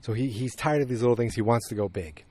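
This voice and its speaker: A man hosting a podcast, casually recapping a TV episode in a rambling, animated way. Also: mid-range voice, quick pace. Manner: rambling, animated retelling with acted quotes. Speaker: podcast host.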